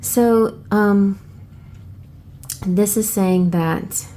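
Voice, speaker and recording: A woman hosting a casual flip-through review of an oracle deck, chatty and excitable, thinking aloud and restarting her sentences. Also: medium pitch, extremely slow. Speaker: tarot channel host.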